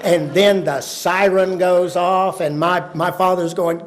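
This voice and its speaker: A man from spins a humorous story to a live audience. His voice sits a little high, and his delivery is dramatic and dry. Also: steady tone, slow pace. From Texas. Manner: folksy, dramatic, wry.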